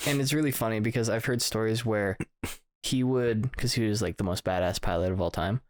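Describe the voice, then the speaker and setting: A young man with a fairly low voice, chatting casually on a podcast. He tells anecdotes and teases dryly, and the sound is dry and close. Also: a little fast, no echo. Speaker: podcast co-host. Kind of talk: casual chat.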